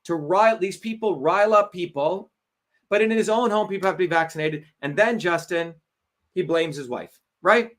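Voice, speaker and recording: A man's voice: sits high, normal speed, fairly bright tone. A man hosting a livestream, delivering heated, combative political commentary with profanity and mockery. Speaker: livestream host.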